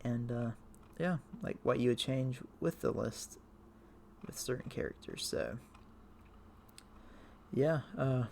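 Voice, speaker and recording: Man, casual vlogger, mid-pitch, gravelly edge; tired, rambling, hesitant delivery. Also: slow pace, long pauses, a little mellow, slight background noise. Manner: rambling, hesitant, many fillers. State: tired, voice wearing out. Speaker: youtuber ranking characters. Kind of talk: casual talk to camera.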